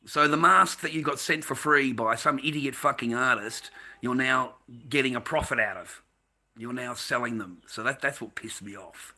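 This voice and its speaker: An Australian mask maker rants and rambles on a live stream from his home, swearing nonstop and laughing a lot. His voice is medium-pitched, bright and pushed, at a moderate pace, in the manner of a casual live-stream rant.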